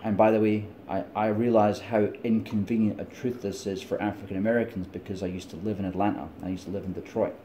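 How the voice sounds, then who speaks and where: A man's voice: lowish voice, steady tone, fast, few pauses, background noise. A middle-aged man with a Scottish accent, vlogging in a rambling, digressive monologue, chatty and laughing often. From Scotland.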